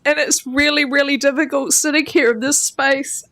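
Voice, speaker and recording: A woman's voice: high-pitched, steady tone, moderate pace, a bit bright. A woman councillor giving an impassioned, blunt council debate speech, emotional and near tears, at a chamber table microphone. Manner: impassioned and blunt, with plain swearing. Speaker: regional councillor.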